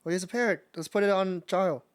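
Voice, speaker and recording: A man's voice: high-pitched, quick pace. A man co-streaming a game, teasing and laid-back, also reading narration aloud. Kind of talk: casual let's play commentary and reading narration.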